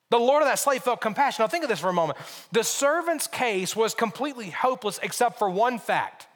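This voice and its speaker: A male pastor with a high voice delivers a sermon. He stresses his points, repeats phrases and asks his listeners rhetorical questions. His voice rings with the long reverb of a large hall. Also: lively intonation, quick pace, a bit bright.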